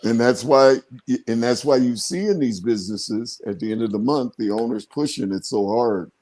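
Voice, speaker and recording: A man's voice: mid-range voice, normal speed, a little mellow. A man in his seventies, a veteran car dealer, telling stories and giving advice in folksy, colloquial casual talk. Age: 70s.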